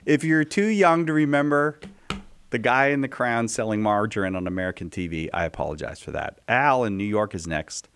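A male radio call-in host chatting casually and teasing his guest, quick to laugh. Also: deep voice, a bit bright, no echo.

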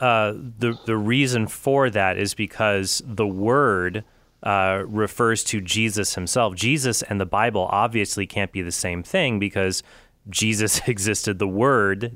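A man in a theological debate, reasoning step by step in a measured way. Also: fairly low pitch, fairly bright tone, dry recording.

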